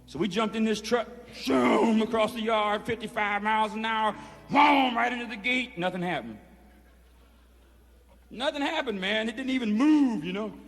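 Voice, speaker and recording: For a 1970s film, a performer in a reverberant prison hall addresses inmates with a rambling, profane tale, drawling and filling every phrase with "you know." His high-pitched voice is gravelly and a bit bright, with a steady tone and normal speed.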